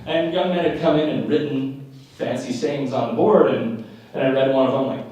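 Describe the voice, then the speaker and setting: A man's voice: medium pitch, moderate pace, darkish tone, far from the mic. A man performing live stand-up, telling wry, self-deprecating stories before an audience. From Utah. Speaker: stand-up comedian. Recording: echoey live room, mic picks up from afar.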